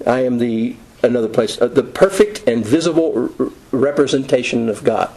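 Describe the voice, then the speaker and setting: A man preaching a sermon in a conversational, folksy way, telling stories with quick asides. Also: mid-range voice, expressive, mellow, low-quality recording.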